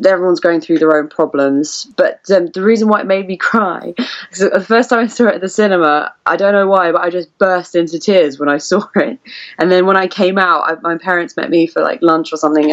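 A woman's voice: fairly low pitch, dull audio. A young woman from the UK, a podcast guest chatting casually and emotionally, laughing often. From United Kingdom. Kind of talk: casual interview chat.

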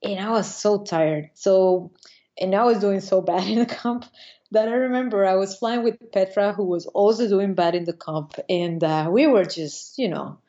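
A woman paraglider pilot from Venezuela, recounting her competitions in a casual interview, animated and laughing often, with many restarts. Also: mid-range voice, normal speed. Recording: slightly dull lo-fi audio.

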